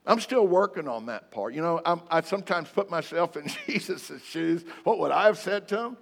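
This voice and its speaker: A man preaching a sermon to a congregation in a church hall, emphatic, swinging between loud declarations and soft asides. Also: a little high, lively intonation, normal speed, gravelly. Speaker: pastor. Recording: long hall reverb, faint music behind.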